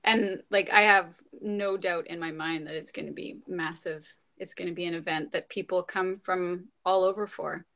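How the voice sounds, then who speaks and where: A woman's voice: on the low side, fairly even intonation, normal speed, hardly any pauses, muffled recording. A young woman, a yoga teacher guest, talking casually and agreeably with many ums. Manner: agreeable, soft-spoken, many ums and yeahs. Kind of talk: casual interview chat.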